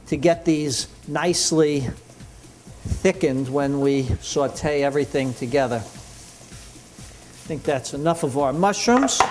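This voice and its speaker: A man leading a cooking demonstration, chatty and enthusiastic as he explains each step in the kitchen. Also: on the high side. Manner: enthusiastic, chatty, full of praise. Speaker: cooking instructor.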